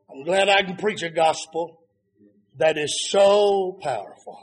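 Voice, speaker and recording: A man preaching a sermon, rising to fervent shouts and then dropping to quiet, low passages. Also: measured pace.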